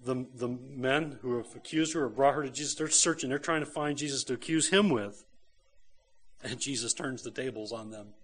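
A man's voice: mid-range voice, normal speed, fairly bright tone, husky. Man preaching with emphatic repetition. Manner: emphatic, repeats phrases and asks rhetorical questions. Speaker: pastor. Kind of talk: sermon.

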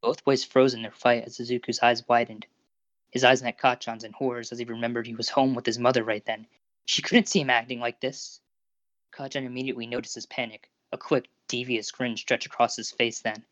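A narrator reading fan fiction aloud in a steady, even manner over a Discord call. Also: medium pitch, a little fast, dry recording. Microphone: Discord voice call recording. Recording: dull lo-fi Discord audio.

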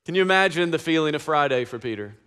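High bright-voiced pastor, chatty preaching. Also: male voice, lively intonation, fast, smooth. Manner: casual slangy preaching, conversational asides to congregation. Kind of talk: sermon.

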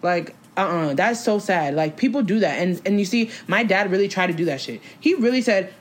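Animated New woman ranting. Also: medium pitch, fairly quick, hardly any pauses. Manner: animated, emphatic slang-heavy ranting. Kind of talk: casual chat.

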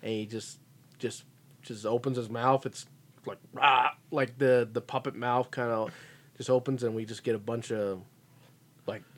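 A man's voice: medium pitch, steady tone, moderate pace, long pauses, darkish tone. A man co-hosting a casual chat about a TV show, laughing often and restarting his sentences. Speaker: podcast co-host.

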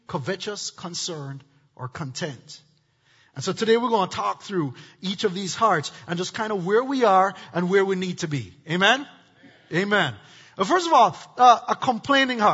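A middle-aged male pastor preaches to his church, with a high, bright, slightly husky voice. He calls on the congregation to answer back. The sound is dull and carries a long hall reverb. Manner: call-and-response preaching with congregation prompts. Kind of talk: sermon. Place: church sanctuary. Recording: dull echoey hall recording.

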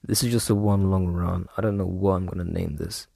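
A young man with a low, gravelly, husky voice, talking in a loose, rambling monologue. His tone is mellow and relaxed, and he keeps drifting off topic with self-mocking slang. The room sounds dry and close. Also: fairly quick, dry recording. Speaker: podcast host. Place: room at home.

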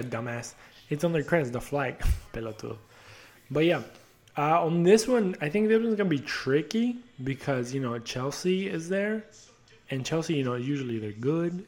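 A young man hosting a podcast, rambling and joking about soccer, swearing and teasing himself. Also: medium pitch. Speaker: podcast host. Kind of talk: casual soccer chat.

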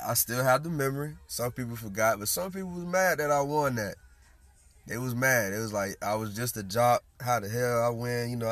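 A man in his late twenties hosting a podcast in casual chat, hoarse from losing his voice, laid-back and slangy, chuckling between thoughts. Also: on the low side, a bit bright, dry recording. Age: late 20s. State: hoarse from lost voice. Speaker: podcast host.

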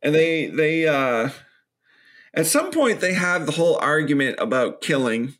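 Animated man recapping a horror film. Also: fairly high pitch, unhurried. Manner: animated, jumps into voices while retelling scenes. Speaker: podcast co-host. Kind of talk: casual film review chat.

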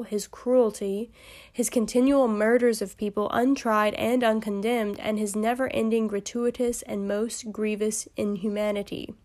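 A woman's voice: on the high side, a little mellow. A woman hosting a Bible study podcast, reading passages steadily and breaking into chatty, amused asides.

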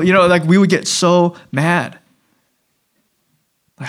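A man's voice: sits high, unhurried, long pauses. Man preaching in a loose, conversational way. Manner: conversational preaching full of "like", restarts and sudden drops to a hushed voice. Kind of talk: sermon.

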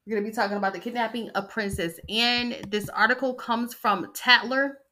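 A woman's voice: a little high, fairly even intonation, fairly quick, pushed and bright, slight background noise. A woman hosting a podcast in a casual, sassy style, chatting and mocking as she reads an article aloud. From United States. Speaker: podcast host.

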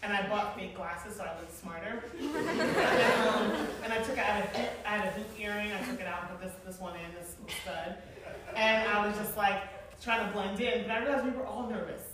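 A woman in her forties telling stories to a live audience, animated and chatty, often laughing. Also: mid-range voice, fairly quick, crowd noise, background noise. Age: 40s. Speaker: event planner and speaker. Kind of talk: storytelling talk to a live audience. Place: large room with an audience. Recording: echoey room, mic from far off.

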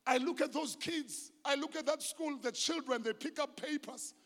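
Male South African pastor, high tenor, impassioned sermon in a big echoing church. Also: moderate pace. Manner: impassioned preaching, swinging from hushed to shouted, mixes in Zulu phrases. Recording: long hall reverb.

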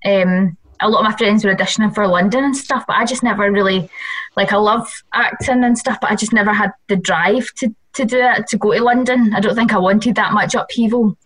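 A woman's voice: medium pitch, fairly quick, husky, low-quality recording. A woman in her thirties with a Glaswegian accent, telling stories as a chatty, laughing podcast guest. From Glasgow, Scotland. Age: 30s. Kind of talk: casual chat.

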